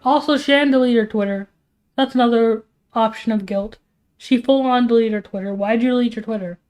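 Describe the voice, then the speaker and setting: A woman's voice: on the high side, brisk, darkish tone. A young woman streaming casual commentary while she draws, tired and exasperated, asking rhetorical questions as she rambles.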